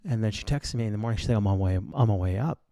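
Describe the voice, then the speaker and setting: A man's voice: lowish voice, very fast, dark tone, dry recording. A man in his thirties, the host of a podcast, telling a story in a blunt, crude and boastful way with plenty of swearing. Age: 30s. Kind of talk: casual storytelling monologue.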